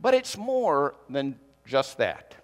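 A man's voice: a little high, sing-song, slow, in a large hall. A man preaching a sermon as pastor, conversational and teasing his congregation. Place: church hall.

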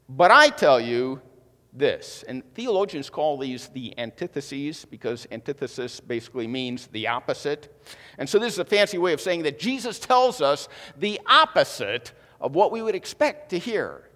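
A man preaching a sermon in a casual, conversational way, with lively asides and quick impressions of people. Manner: animated, conversational, mimics moviegoers in higher voice. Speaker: pastor. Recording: long hall reverb.

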